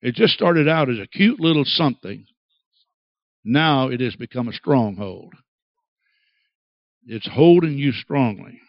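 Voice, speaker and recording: A man preaching a sermon, dramatic and acting out quoted voices with big swings in pitch. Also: expressive, a little slow, pauses often, no echo, muffled recording. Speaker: pastor.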